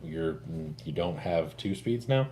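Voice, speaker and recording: A man with a fairly low voice and a very lively, bouncing delivery, joking and chatting with friends on a stream. He often jumps into loud, animated bursts. A faint hiss sits underneath. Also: takes it slowly. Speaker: co-host of a livestream. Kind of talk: casual chat.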